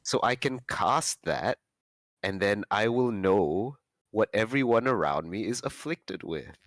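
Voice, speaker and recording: Very deep-voiced slow-talking woman player. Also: animated, dry recording. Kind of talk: playing a tabletop game.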